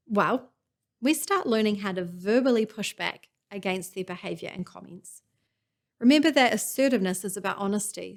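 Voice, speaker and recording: A woman gives a scripted teaching talk in a calm, earnest way. Her pitch sits in the middle of the usual range for a woman. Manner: calm, earnest, acts out example lines. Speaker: presenter.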